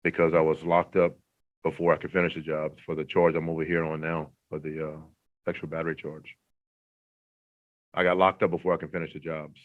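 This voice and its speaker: Very deep halting man on a tinny line. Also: level tone. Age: 50s. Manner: halting, hesitant, polite. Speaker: parole applicant. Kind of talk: answering questions at a hearing. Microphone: remote audio link from a prison. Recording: tinny phone-like remote line.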